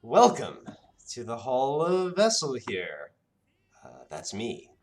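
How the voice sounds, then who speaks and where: Brief: man voicing a showy, scatterbrained genasi host, raised bright voice, fumbling through names. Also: medium pitch, wildly swooping pitch, slow pace, slight background noise, voice pushed up. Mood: grand welcome. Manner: boastful, scatterbrained, rambling guesses. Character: flamboyant forgetful blue-skinned genasi man.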